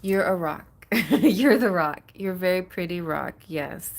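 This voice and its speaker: A woman's voice: fairly low pitch, animated, measured pace, vocal fry, a little mellow. A middle-aged woman hosting a live tarot reading stream, chatting casually and rambling, laughing often.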